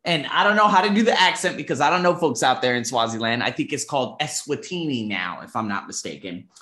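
A man's voice: mid-range voice, quick pace. Guy in his 30s doing a monthly vlog, big swings in his voice, swears a bit, echoey room. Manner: animated and emphatic, swears casually, acts out quoted dialogue. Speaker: vlogger. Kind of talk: reflective monthly review.

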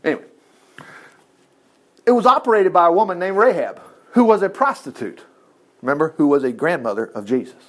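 A man preaching an informal sermon, retelling Bible stories in a chatty, animated way with joking asides. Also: a little high, brisk, long pauses.

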